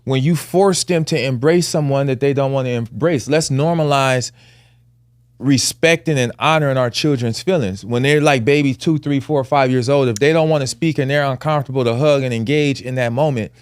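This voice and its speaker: A man's voice: medium pitch, moderate pace, smooth, no echo, studio quality. A man hosting a podcast, talking casually and growing emphatic and heated as he tells a story. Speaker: podcast host.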